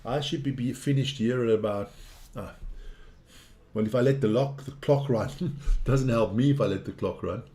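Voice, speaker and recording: A man giving casual live rugby commentary, excitable and blunt, swearing at the referees. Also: medium pitch, normal speed, pauses often. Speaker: watch-along rugby commentator.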